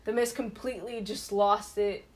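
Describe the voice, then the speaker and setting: A woman co-hosts a podcast in loose, casual chat. She is chatty and animated, and she leans on fillers and restarts. Her pitch sits in the middle range. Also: moderate pace. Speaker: podcast co-host.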